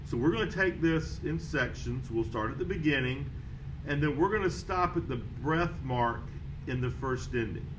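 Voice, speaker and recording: A man teaching a beginner trumpet lesson, calling out note names and counting beats in a steady, patient way. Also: medium pitch, moderate pace, noisy background. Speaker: music teacher. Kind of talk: band method lesson.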